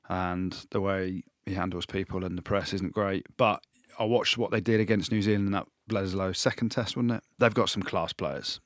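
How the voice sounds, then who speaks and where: A man co-hosting a casual sports podcast, chatty and excitable, his voice jumping up when he jokes. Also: no echo, studio quality. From Wales. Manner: excitable, jumps up in pitch when joking. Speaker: podcast co-host, pundit.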